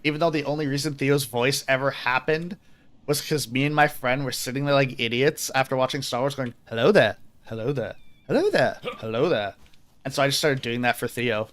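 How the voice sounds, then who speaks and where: A male game streamer chatting off the cuff while he plays. He rambles, laughs at himself and swears freely, his voice sitting at an ordinary middle pitch. Relaxed live-stream talk. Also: a little fast. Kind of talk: casual chat.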